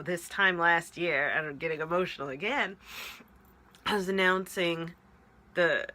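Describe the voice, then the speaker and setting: A woman coach talks slowly and earnestly to her audience, her voice bright and forward. She is openly moved as she speaks and keeps checking in with them. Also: on the low side. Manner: earnest, emotional, keeps asking "right?". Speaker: spiritual coach. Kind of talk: heartfelt direct-to-camera talk.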